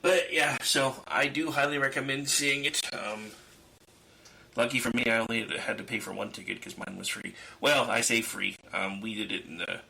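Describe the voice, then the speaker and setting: Gravelly, bright-toned male radio host. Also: medium pitch, fairly even intonation, moderate pace. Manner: easygoing, hesitant, many fillers. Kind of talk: casual radio chat.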